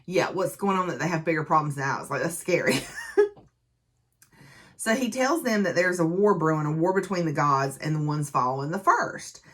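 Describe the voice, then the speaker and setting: Woman, lowish voice, casual book reviewer, chatty, conversational recap. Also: animated, moderate pace, a bit bright. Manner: chatty, conversational retelling with many fillers.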